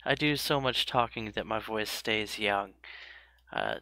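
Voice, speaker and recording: Streamer, man, 30s, gravelly and bright, easygoing and self-deprecating, dry close sound. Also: fairly low pitch, measured pace, no echo. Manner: chatty, self-mocking, laughs often. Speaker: game streamer. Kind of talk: casual live-stream chat.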